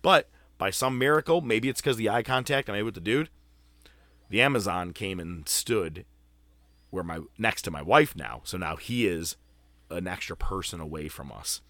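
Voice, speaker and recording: Bright, lively-voiced profane podcast host. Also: male voice, sits low, moderate pace, no room sound. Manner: profane, animated, acts out quotes. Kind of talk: casual storytelling chat.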